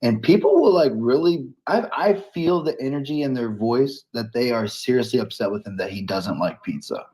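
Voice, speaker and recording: A man from Ohio co-hosting in casual chat, hyped and excitable, with a lot of slang. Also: mid-range voice, normal speed, few pauses. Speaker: co-host.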